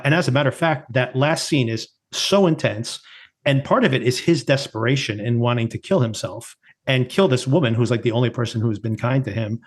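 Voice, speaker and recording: A man of ordinary pitch co-hosts a casual podcast. He retells scenes from a TV episode with frequent laughter, in a loose, chatty way. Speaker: podcast co-host. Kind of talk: casual chat reviewing a TV episode.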